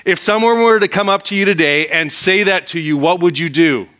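A male pastor with a bright, ringing voice that sits a little high for a man. He reads verses aloud, then explains them by posing questions back to his listeners in a sermon. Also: a little fast.

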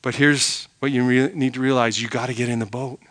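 A middle-aged man preaching a sermon, emphatic, asking the congregation rhetorical questions and dropping to a hush to make a point. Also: medium pitch, steady tone, brisk. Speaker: pastor.

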